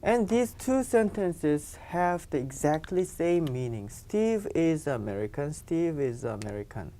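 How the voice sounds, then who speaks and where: Low-voiced teacher explaining grammar. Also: female voice, animated, measured pace, dark tone, a little hiss or hum. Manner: explains patiently, with many "you know" fillers. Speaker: Korean language teacher. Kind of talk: classroom grammar lesson.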